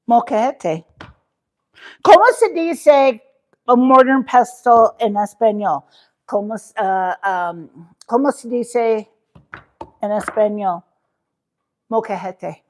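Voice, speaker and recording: A woman hosting a live cooking stream from her home kitchen, chatting loosely with her viewers as she works. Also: a little high. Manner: chatty, rambling, talks to viewers in chat. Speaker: cooking livestream host. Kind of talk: casual live cooking chat.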